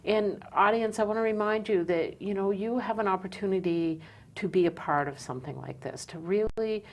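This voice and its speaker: A woman's voice: medium pitch, normal speed. A woman hosting a community talk show, speaking earnestly to the audience with frequent "um" fillers.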